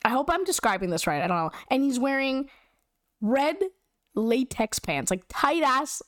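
A young woman telling a story in casual, animated chat, slangy and giggly with lots of "like". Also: high voice, moderate pace, no room sound, studio quality.

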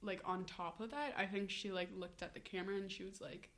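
A woman's voice: medium pitch, fairly quick, few pauses. A young woman co-hosting a casual chat podcast, telling stories with many fillers. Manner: chatty, many "like" fillers, animated storytelling. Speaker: podcast co-host.

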